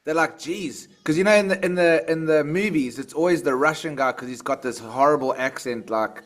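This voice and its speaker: Male podcast host, slightly high voice, quick and teasing in casual chat. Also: fairly bright tone. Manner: quick reactions, swearing, playful teasing.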